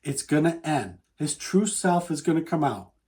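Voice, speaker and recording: A man's voice: on the high side, very animated, normal speed, a little mellow. A man hosting a dating advice talk, speaking earnestly and emphatically straight to the listener. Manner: earnest, emphatic and repetitive, addressing the listener as "you". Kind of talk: direct-to-camera advice talk.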